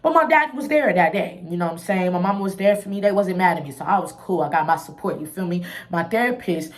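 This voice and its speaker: A woman's voice: on the low side, expressive, fast. A young woman telling a personal story in a casual vlog, candid and emotional, full of slang and asides to her viewers. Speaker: vlogger.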